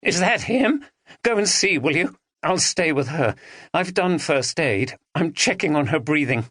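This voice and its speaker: A man's voice: on the high side, expressive, a little slow, a bit bright, dry recording, clean studio sound, pitched above the performer's own voice. A man voicing a young man who takes charge in a crisis in an audiobook, urgent and commanding. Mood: pleading.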